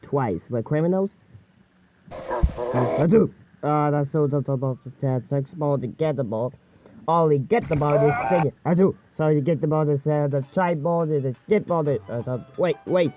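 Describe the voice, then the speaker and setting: A man rambling in a halting, jumbled way, voicing over a cartoon. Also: fairly high pitch, noisy background. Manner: jumbled, halting speech with many restarts.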